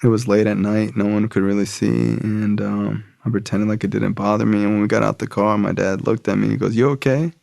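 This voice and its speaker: Gravelly man telling a blunt story. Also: on the low side, completely flat delivery, brisk, few pauses, darkish tone, no room sound, studio quality. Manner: blunt, profane, emphatic. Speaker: podcast guest. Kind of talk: personal storytelling.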